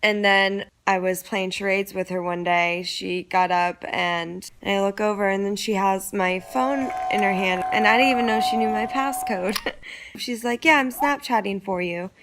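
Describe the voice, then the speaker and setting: A woman's voice: mid-range voice, normal speed, slight background noise. A young woman telling a personal story casually, peppering it with "like" and quoting others. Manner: chatty, heavy use of "like", animated quoting.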